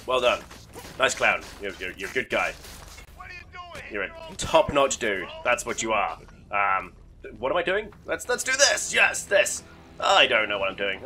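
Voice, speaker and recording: A man's voice: fairly low pitch, sharp tone. A man giving casual, sweary, rambling commentary while playing a video game, often mocking himself. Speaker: gaming YouTuber.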